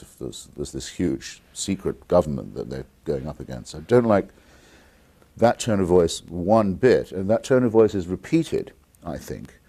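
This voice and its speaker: A low, warm voice belongs to this man in his fifties from England, who has an English accent and guests on a call-in interview taking viewer calls. Articulate and combative, he restarts often.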